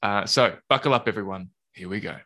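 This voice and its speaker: A man's voice: on the low side, fairly quick, a bit bright. A man hosting a casual chat, joking and laughing often. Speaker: podcast host.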